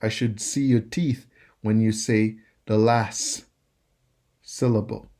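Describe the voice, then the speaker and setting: A man teaching pronunciation, repeating each word slowly and spelling out letters. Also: fairly low pitch, steady tone, warm tone. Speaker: French teacher. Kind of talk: slow pronunciation lesson.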